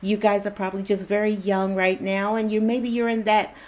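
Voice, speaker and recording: A woman's voice: mid-range voice, flat delivery, fairly quick, a little mellow. Reassuring woman giving a casual pep talk. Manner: reassuring, repetitive, chuckles often, loose slangy phrasing. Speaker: spiritual channel host.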